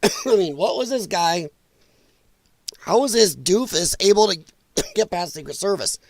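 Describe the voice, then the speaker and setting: A man's voice: high voice, animated, a little slow, dry recording. A man hosting a casual political commentary livestream, blunt and exasperated, with an irritated throat that keeps making him cough. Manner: blunt, exasperated, frequent apologies. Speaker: livestream host.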